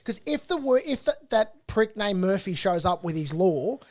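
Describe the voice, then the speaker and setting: High-voiced, earnest Australian man. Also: big pitch swings, moderate pace. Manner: earnest and emphatic, repeats himself. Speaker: property coach and co-host. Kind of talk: casual studio podcast chat. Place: studio.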